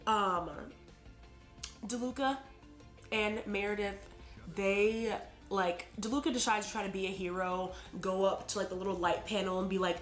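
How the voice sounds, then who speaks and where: A woman talks through a TV episode in a loose, casual recap and fills her sentences with "like" and "you know." Her voice sits at an ordinary middle pitch for a woman. The room gives it a noticeable echo, and a little music plays faintly underneath. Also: fairly even intonation, moderate pace. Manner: chatty, heavy on "like" and "you know". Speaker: TV episode reviewer. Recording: roomy echo.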